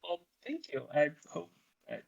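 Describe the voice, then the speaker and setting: A tabletop player asking halting, self-interrupting questions, with a lively, swooping voice. The tone is gravelly and husky, and the audio sounds dull and lo-fi. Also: medium pitch. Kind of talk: playing a tabletop game, in and out of character.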